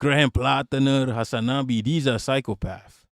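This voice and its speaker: A man on a live stream ranting loudly and mockingly with heavy profanity. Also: mid-range voice, fairly even intonation, normal speed, no echo, studio quality. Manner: loud, mocking, profane, laughs often. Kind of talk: profane political rant on stream.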